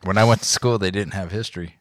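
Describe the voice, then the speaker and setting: A man's voice: fairly low pitch, fast talker, crowd noise. An older man, a guest on a casual podcast chat, who laughs at himself often and jokes about his age. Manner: self-mocking, laughs often.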